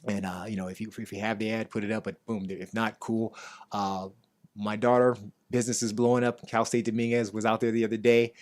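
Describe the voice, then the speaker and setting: A middle-aged man hosting a casual interview show, talking easily and getting animated when he gives shout-outs. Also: fairly low pitch, brisk. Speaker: show host.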